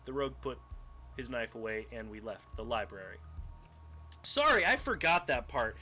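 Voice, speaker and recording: Bright-voiced young man telling a story. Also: medium pitch, normal speed. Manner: animated, profane, acts out scenes. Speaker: streamer. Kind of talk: casual storytelling on a live stream. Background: faint music.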